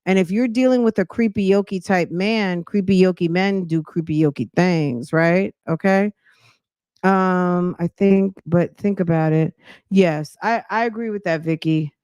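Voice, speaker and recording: A woman's voice: on the low side, a little slow, a little mellow, smooth, no echo. A woman hosting a podcast, chatting casually and a little out of breath, talking straight to her viewers with slang. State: slightly out of breath. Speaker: podcast host. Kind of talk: casual commentary chat.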